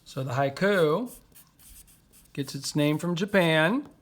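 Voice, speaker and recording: A man's voice: a little high, slow pace. A man teaching a poetry lesson to young children, patiently sounding out words and syllables.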